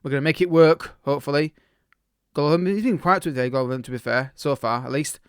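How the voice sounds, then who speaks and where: A gaming YouTuber talks through a football management game in casual, chatty commentary, reacting as it unfolds and frequently restarting his sentences. He talks fast in a smooth, fairly high voice, and the recording is dry and close to the mic.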